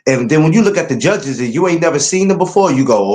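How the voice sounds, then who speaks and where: Animated New man talking boxing. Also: fairly high pitch, fast talker, reverberant. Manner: animated, emphatic, rising to incredulous outbursts. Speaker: podcast host. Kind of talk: casual boxing talk.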